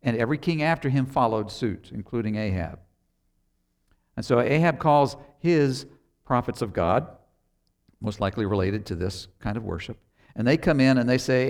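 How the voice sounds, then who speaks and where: Guy preaching, tells the bible story like a chat, does the characters' lines, mid pitch. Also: expressive, normal speed, gravelly. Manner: storytelling, acting out quoted characters with sarcasm. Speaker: pastor. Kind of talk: sermon.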